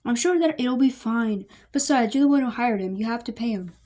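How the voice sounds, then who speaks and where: A woman's voice: fairly high pitch, animated, fairly quick, dark tone, natural voice. A woman voicing a sulky young prince who hates getting up, speaking in a groggy, grumbling way. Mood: grumpy. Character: sleepy, grumpy young male prince.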